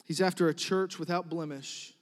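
Male pastor, high voice, emphatic sermon delivery that rises and falls, long hall echo behind. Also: fairly even intonation, moderate pace. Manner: emphatic, repetitive preaching that swings from loud builds to soft drops.

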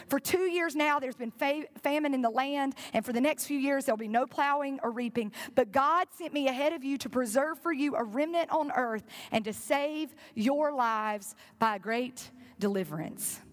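A woman preaching with a high, bright-toned voice and a lilt. She retells the story earnestly and keeps turning to her congregation with questions. Her voice rings out with the long reverb of a large church hall. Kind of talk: sermon.

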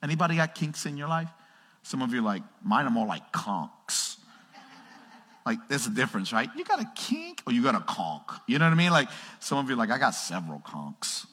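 A lively male pastor preaching in a church, his raised, slightly breathy voice bright and carrying. He rallies the congregation and drops to hushed asides, and the sound rings with the long reverb of a large sanctuary. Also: mid-range voice, fast talker. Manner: energetic, calls out to the congregation, swings from loud to hushed. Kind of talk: sermon.

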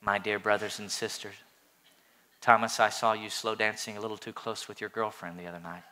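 A man putting on a soft, slow, low voice for a meek, frail, preachy pushover. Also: level tone, a little hiss or hum. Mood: meek scolding.

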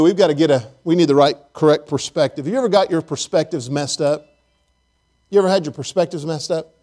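A man preaching a sermon in a relaxed, conversational way, joking and talking directly to his congregation. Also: on the high side. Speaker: pastor. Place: church service.

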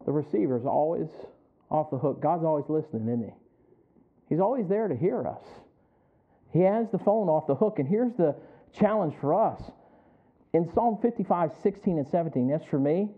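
A man's voice: on the high side, big pitch swings, moderate pace. A middle-aged man preaching a sermon. He talks conversationally, often chuckling, and keeps asking the congregation to answer him back. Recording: tinny phone-like sound.

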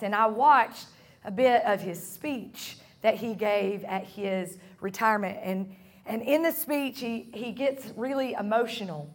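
A woman pastor delivers a sermon to a church congregation, her voice sitting a little on the high side. She speaks earnestly, repeating phrases for emphasis, and she slows down and goes softer on the lines she wants to land. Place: church service room.

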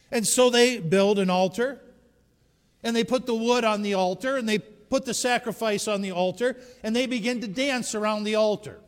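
A high-pitched man preaches a slow, unhurried sermon that swings between shouted climaxes and near-whispers. His voice rings through a church sanctuary with a long echoing tail. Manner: dramatic storytelling, swinging from shouts to hushed tones. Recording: long reverb of a large hall.

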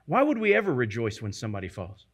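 A man's voice: mid-range voice, huge pitch swings, quick pace. A male pastor preaching a sermon, earnest and emphatic, repeating phrases to press his point.

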